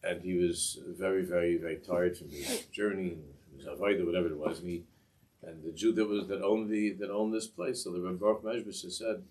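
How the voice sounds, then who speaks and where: A man with a very low voice tells a Hasidic tale to a class. He rambles and keeps restarting his sentences, and he sits well back from a distant mic. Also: steady tone, background noise. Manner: rambling, halting, with many restarts and asides. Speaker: Torah teacher. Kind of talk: telling a Hasidic story in a class.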